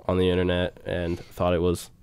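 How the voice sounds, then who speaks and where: A young man co-hosts a casual radio show, his low voice smooth and clear on a dry close mic. He rambles through numbers and song introductions, laughing and filling pauses with "um". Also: completely flat delivery, darkish tone, no echo. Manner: rambling, laughs often, trails off into fillers.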